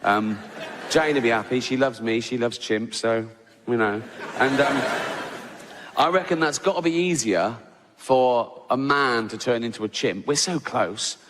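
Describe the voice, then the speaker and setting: A man performs stand-up, circling back through rambling asides and laughing along with his own jokes. His voice is medium in pitch. It rings out across a large reverberant hall with clear audience noise. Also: a little slow. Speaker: stand-up comedian. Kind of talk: stand-up comedy.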